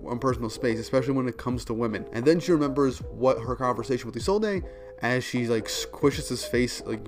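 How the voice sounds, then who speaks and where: A man casually recapping and commenting on a manga chapter. He fills his talk with "like" and laughs often. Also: medium pitch. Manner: chatty, many "like" fillers, laughs often. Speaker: manga reviewer.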